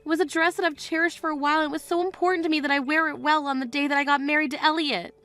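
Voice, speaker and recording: A woman's voice: sits high, fairly even intonation, very fast, a bit bright. A woman voicing an indignant young bride who answers with cutting firmness in a voiced text-story drama. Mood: upset.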